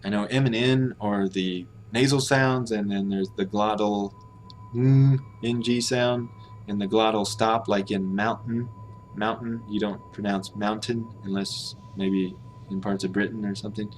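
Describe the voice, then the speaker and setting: American man, stream host, low-ish voice, thinking out loud, hesitant, faint background noise. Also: fairly even intonation, a little slow. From United States. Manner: musing aloud, hesitant, self-correcting. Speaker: language-learning streamer. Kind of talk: casual live-stream commentary.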